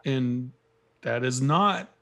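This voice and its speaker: A man's voice: medium pitch, extremely slow, a bit bright. A man chatting casually as a guest, hesitant, with lots of ums. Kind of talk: casual chat.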